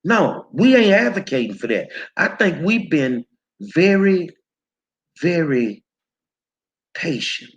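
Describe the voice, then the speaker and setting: A man's voice: a little high, very animated, takes it slowly, long pauses, dull audio. A man hosting his own show, delivering heated, profane commentary straight at his viewers, confrontational and stumbling over repeated words. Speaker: show host.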